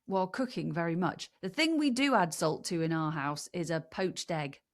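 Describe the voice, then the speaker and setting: A woman's voice: lowish voice, moderate pace. A woman co-hosting a podcast in casual chat, hesitant and amused, often restarting her sentences. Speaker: podcast co-host.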